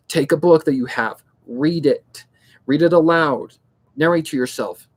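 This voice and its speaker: A man's voice: fairly high pitch, unhurried. A man chatting casually as a hobby narrator, rambling, blunt and swearing freely, giving pep-talk advice and repeating himself. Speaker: fan audiobook narrator.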